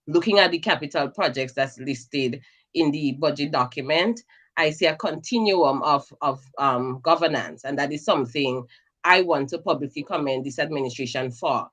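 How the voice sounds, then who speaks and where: Woman from Grenada, caller, earnest, measured delivery with fillers. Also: sits low, fairly bright tone. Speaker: caller commenting on the budget. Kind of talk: casual call-in commentary.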